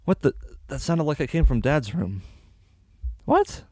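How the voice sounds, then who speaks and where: A man's voice: medium pitch, expressive, normal speed, mellow, no echo, clean studio sound. A man casually commentating a game playthrough, reading its dialogue aloud with sarcastic, sweary asides. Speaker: game streamer. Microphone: desktop USB microphone.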